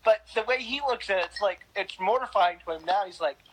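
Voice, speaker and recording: A woman's voice: medium pitch, brisk, breathy edge, rough recording. A woman guest in a casual interview, speaking candidly and bluntly with frequent laughs.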